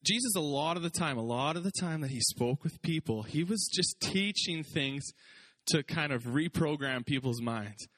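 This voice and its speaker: Lively, joking male preacher. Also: fairly high pitch. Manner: lively, conversational preaching with quick jokes and acted quotes. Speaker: pastor. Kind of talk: sermon.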